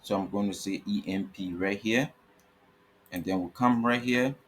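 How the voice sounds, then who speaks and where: A man with a lowish, fairly bright voice speaks at a normal pace, with a little hiss or hum in the background. He is screen-recording a coding tutorial, spelling out tag names letter by letter, repeating himself and checking in with a frequent "okay?"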